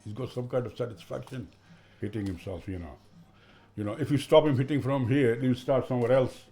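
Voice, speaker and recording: A man, a father and carer, speaking in an interview in a halting way and often saying "you know". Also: medium pitch, warm tone, faint music behind.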